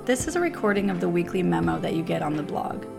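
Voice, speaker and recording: A woman's voice: fairly low pitch, very animated, fast, creaky, over music. A woman reading her weekly blog memo aloud as a personal letter, upbeat and encouraging.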